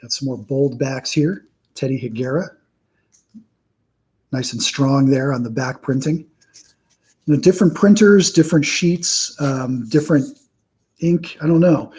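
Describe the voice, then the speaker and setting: A man hosting a casual live stream, reeling off a steady list of names and dropping dry, wry asides along the way. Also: a little high, husky, poor audio. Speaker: host.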